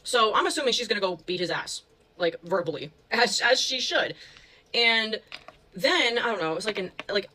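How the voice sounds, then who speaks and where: A woman's voice: mid-range voice, animated, moderate pace, pushed and bright, low-quality recording. A young woman telling a story to her viewers in a casual, chatty way, full of fillers and swearing.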